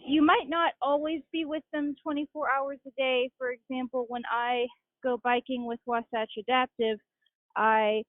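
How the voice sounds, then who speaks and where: A young woman from Utah answers interview questions as a guest, speaking in a measured, matter-of-fact, flat way. Her fairly high voice comes through a narrow, phone-like line with no room sound or echo.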